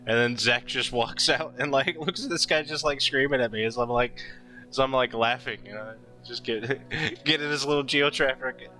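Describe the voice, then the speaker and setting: Young male streamer, bright voice, chatty storyteller, lots of fillers and laughs. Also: medium pitch, moderate pace, soft background music, low-quality recording. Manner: rambling, laughs often, many fillers and restarts. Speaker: artist streaming while drawing. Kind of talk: casual storytelling while drawing.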